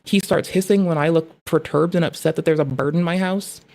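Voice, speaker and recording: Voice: medium pitch, fairly quick. A young adult streamer ranting in casual chat, swearing often and rambling about pet training. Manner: profane, rambling, animated.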